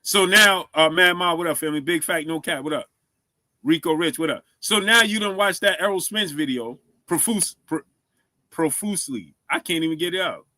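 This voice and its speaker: Bright-voiced man hosting a casual live stream. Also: a little high, normal speed, dry recording. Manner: shouts out viewers, asks for likes; stumbles over words, repeats himself.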